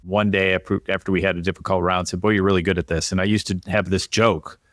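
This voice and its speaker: A man's voice: deep voice, level tone, fast talker, a bit bright, no room sound, clean studio sound. A man hosting an interview podcast on leadership, speaking in a reflective, conversational way and asking long questions. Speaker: podcast host and leadership coach.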